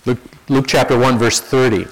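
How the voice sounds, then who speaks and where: A man preaching a sermon in a conversational, animated storytelling manner, often restarting his sentences. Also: mid-range voice, moderate pace, rough recording. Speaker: pastor.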